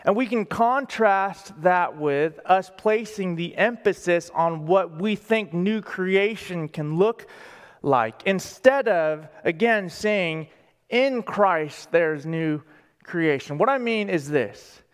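A pastor delivers a sermon in a high, unhurried voice, leaning on key words and putting questions to the congregation. The recording carries the long reverb of a large church hall. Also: male voice, expressive, clear, resonant tone. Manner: deliberate, emphatic, asks the congregation questions.

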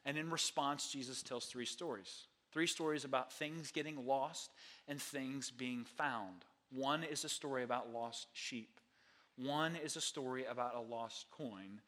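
A man's voice: mid-range voice, bright, forceful tone. A man preaching a sermon, reading scripture and then questioning the congregation with rising energy. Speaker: pastor.

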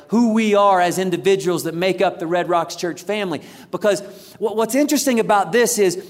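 A man preaching a sermon, telling a personal story with humor and acting out the quoted lines. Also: high voice. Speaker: pastor. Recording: long hall reverb.

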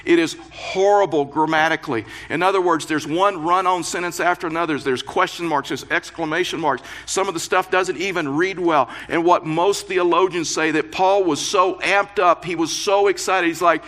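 Bright-voiced man preaching a sermon. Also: a little high, steady tone, moderate pace, hardly any pauses. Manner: earnest preaching with playful asides, rising emphasis and repetitions. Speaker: pastor.

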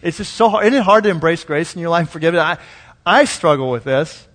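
A man with a high voice delivers a sermon, casual and animated, slipping into little acted-out voices. The recording is live in a church sanctuary, with a long hall reverb trailing his words. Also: fast talker. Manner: conversational and animated, acts out quoted voices. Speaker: pastor.

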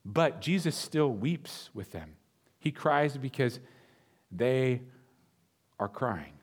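A male pastor preaching a sermon, reading scripture aloud and pressing his points earnestly, rising for emphasis and slowing on key phrases. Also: medium pitch, lively intonation, slightly rough.

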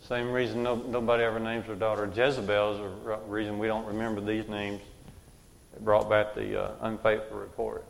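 A man's voice: on the low side, flat delivery, brisk, creaky, slight background noise. A man leading a group Bible study, who asks questions and repeats the answers back to the room.

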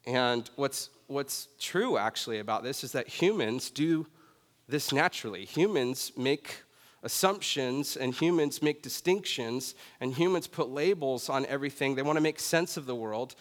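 A man preaching a sermon in a relaxed, conversational way, often checking in with "right?". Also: medium pitch, normal speed. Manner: conversational, self-deprecating, often says "right?". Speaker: pastor. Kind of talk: sermon with personal story. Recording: long reverb of a large hall.

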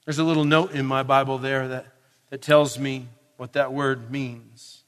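A man preaching a sermon in a conversational way, asking his listeners questions and building to forceful emphasis. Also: mid-range voice, level tone, measured pace. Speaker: pastor. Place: church or camp meeting hall. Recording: long reverb of a large hall.

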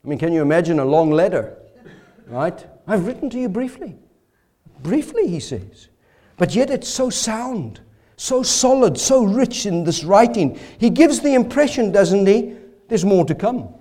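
High-voiced earnest male preacher. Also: very animated, unhurried, warm tone. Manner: earnest, emphatic, rhetorical questions. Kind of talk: expository sermon.

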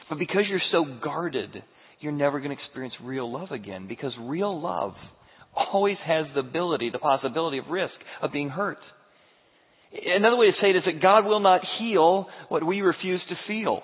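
A man preaching a sermon as pastor, moving between loud emphatic peaks and hushed, tender passages. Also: a little high, lively intonation, moderate pace, husky. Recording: tinny, echoey church hall recording.

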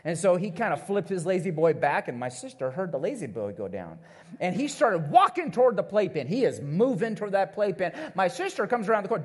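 A man preaching a sermon, telling a family story in a playful, animated way and checking in with the congregation as he goes. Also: sits high, normal speed. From Missouri, USA. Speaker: pastor.

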